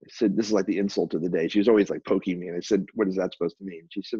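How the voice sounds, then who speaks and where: A man's voice: low voice, steady tone, very fast, few pauses, warm tone, slightly rough, no room sound. An American man as an interview guest, rambling through candid stories and acting out what others said to him. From United States. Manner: rambling, acts out quoted dialogue. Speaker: guest photographer and publisher. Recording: dull lo-fi dry recording.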